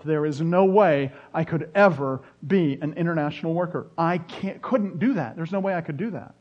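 A middle-aged man preaches a sermon, a little higher-pitched than most men. He tells stories with punchy rising bursts of emphasis. The recording sounds dull and lo-fi. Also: a little mellow. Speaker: pastor.

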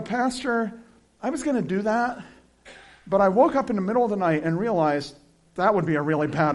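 A male pastor preaching a sermon in a relaxed, conversational way, with chuckling asides between scripture readings. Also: high voice.

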